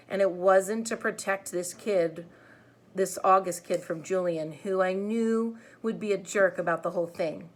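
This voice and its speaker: A woman teacher reading a novel aloud to students, then gently explaining it. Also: medium pitch. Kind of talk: read-aloud narration to students.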